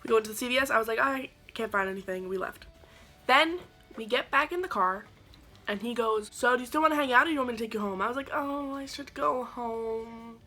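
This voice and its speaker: A young woman in her twenties tells a story straight to camera in a bright, slightly high voice. She is sarcastic and animated, and she acts out her own quoted lines. Faint music plays underneath. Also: fast talker. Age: 20s. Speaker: vlogger. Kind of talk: storytelling vlog.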